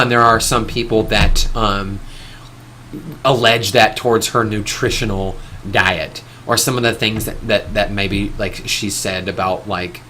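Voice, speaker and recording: Give me a bright-voiced man ranting on a live stream. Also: lowish voice, a little hiss or hum. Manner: rambling, with frequent restarts and casual swearing. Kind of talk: opinionated live-stream monologue.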